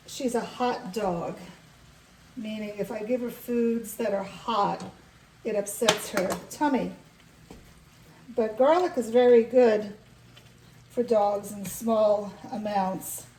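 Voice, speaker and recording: Slow-talking New York woman, roomy kitchen. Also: mid-range voice, recorded from a distance, noisy background. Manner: chatty, reassuring, with fillers. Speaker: home cooking channel host. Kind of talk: casual cooking demonstration.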